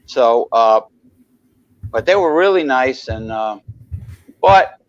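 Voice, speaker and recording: Speaking slowly and expressively in a mid-range voice, a man co-hosts a casual talk show. He meanders through anecdotes and says hello to chat viewers, and the dull lo-fi mic leaves the sound dry.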